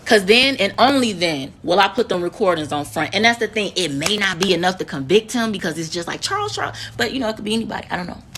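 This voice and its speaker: This American nurse in her thirties speaks in a mid-range voice with a sharp tone. She is sharing a heated, profane story with her viewers, repeating words for emphasis in an emotional storytime vlog.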